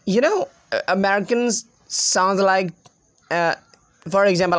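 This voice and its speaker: A man's voice: high voice, fairly even intonation, normal speed, a bit bright, no room sound. A Pakistani man teaching spoken English in a casual lesson, laughing often and repeating words to show how they sound. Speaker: English speaking tutor.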